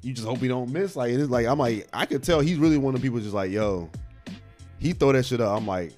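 A young man co-hosting a podcast, talking casually in an animated, slangy way and laughing often. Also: mid-range voice, fast talker, faint music behind. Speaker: podcast co-host. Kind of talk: casual chat.

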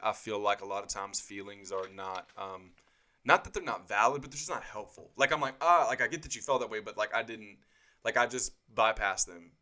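A man co-hosting a chatty podcast, speaking in a fairly low but bright, forward voice. He talks bluntly and directly, with lively, joking energy. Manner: blunt, animated, quick to joke. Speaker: podcast co-host, pastor. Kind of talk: casual chat.

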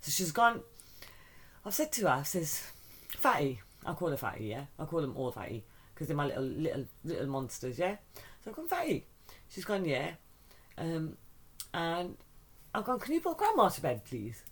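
Animated storyteller, middle-aged. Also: mid-range voice, normal speed, long pauses, husky. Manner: animated, mimics voices in stories, swears casually. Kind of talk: casual chat, anecdotal storytelling.

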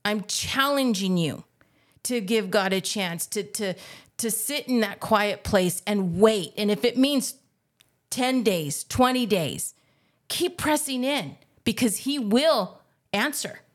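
A woman's voice: mid-range voice, lively intonation, slow. A woman co-hosting a faith podcast, earnestly telling a personal testimony and urging listeners, with emotion coming through. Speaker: podcast co-host.

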